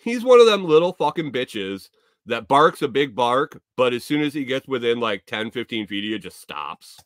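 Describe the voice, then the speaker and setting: A man on his own podcast, talking in a middle-pitched voice through a long, profane, meandering story. He sometimes breaks into loud outbursts. The sound is dry and close, with almost no room around it. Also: sing-song, normal speed, no room sound. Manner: profane, rambling, rising to loud exclaims. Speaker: podcast host. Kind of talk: casual storytelling monologue.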